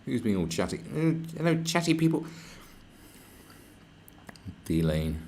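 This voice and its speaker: A man's voice: mid-range voice, big pitch swings, unhurried, darkish tone, a little hiss or hum. A man chatting live on his stream, rambling and swearing freely as he reads out messages from viewers. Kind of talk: casual livestream chat. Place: where he is staying, not his home.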